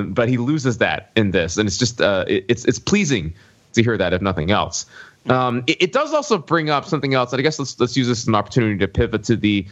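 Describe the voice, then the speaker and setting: Man from the American South, podcast co-host, casual film talk, pauses to search for words, middle pitch, muffled lo-fi mic. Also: a bit bright. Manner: searching for words, many fillers and restarts.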